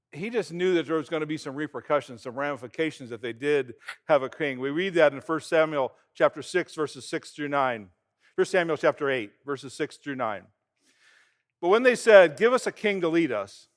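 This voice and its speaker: A man preaches in a chatty, storytelling way, his voice sitting somewhat high for a man. He retells events in plain words, with quick asides and restarts, as a pastor talking to his church. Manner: animated storytelling, retelling events in everyday talk. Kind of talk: conversational sermon.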